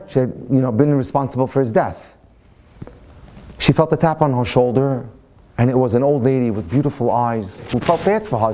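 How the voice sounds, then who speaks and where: A man, a rabbi and lecturer, telling a story in a sermon with a dramatic, animated delivery and frequent restarts. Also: medium pitch.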